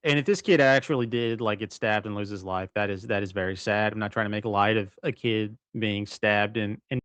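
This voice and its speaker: A man's voice: fairly low pitch, fairly even intonation, a little fast, a bit bright, clear, resonant tone, no echo. Rambling man chatting on a livestream. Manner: rambling, self-correcting, laughs often. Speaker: livestream co-host. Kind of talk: casual livestream commentary. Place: bedroom.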